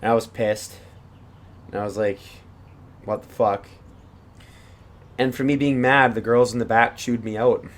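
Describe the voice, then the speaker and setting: A man's voice: medium pitch, fairly even intonation, unhurried, long pauses. A young man co-hosting a casual podcast, telling a rambling story with swearing and laughs. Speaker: podcast co-host. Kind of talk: casual chat.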